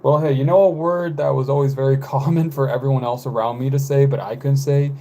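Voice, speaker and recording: A man in his twenties, chatting casually on a live stream, rambling with frequent fillers and halting pauses. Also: medium pitch, steady tone, mellow. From United States. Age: 20s.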